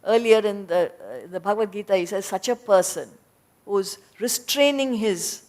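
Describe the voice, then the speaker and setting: A woman giving a lecture on scripture, explaining ideas point by point in a deliberate way. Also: mid-range voice, expressive, a little mellow. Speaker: spiritual teacher. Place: lecture hall before an audience.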